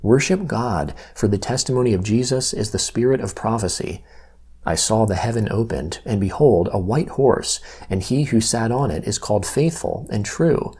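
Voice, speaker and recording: A man reading scripture aloud in a measured way, slowing down to stress key phrases. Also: lowish voice, husky. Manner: measured, even-paced reading with slow emphasis on key phrases. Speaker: Bible reader.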